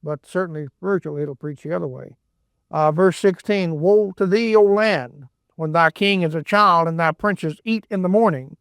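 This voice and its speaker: A man's voice: high voice, moderate pace, smooth, dry recording, clean studio sound. A man teaching a Bible book verse by verse in a folksy, rambling way, often repeating words and adding asides. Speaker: preacher.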